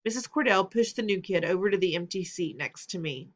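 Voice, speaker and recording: A woman narrating a children's novel as an expressive audiobook reader. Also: mid-range voice, a little fast.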